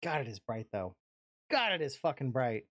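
A man's voice: medium pitch, big pitch swings, moderate pace, fairly bright tone, no room sound, studio quality. A man casually commenting on his game stream, swearing freely and rambling between jokes. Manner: profane, rambling, jokey; puts on character voices. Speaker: let's play streamer.

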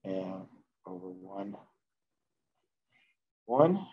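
Slow, low-voiced man lecturing chemistry. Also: lively intonation, slightly rough, highs cut off. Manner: slow, thinking aloud while working math at the board, self-correcting. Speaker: chemistry instructor. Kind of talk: classroom lecture. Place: classroom.

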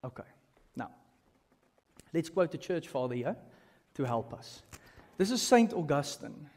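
Pastor preaching in a reverberant hall. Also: male voice, fairly high pitch, unhurried. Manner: animated teaching with asides to the congregation. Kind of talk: sermon. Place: church hall. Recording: long reverb of a church hall.

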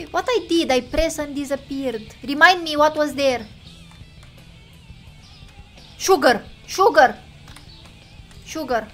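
High-pitched excitable woman gamer. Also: moderate pace, soft background music. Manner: excitable, talks to chat, exclaims loudly and mutters numbers. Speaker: game streamer. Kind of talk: casual gameplay commentary.

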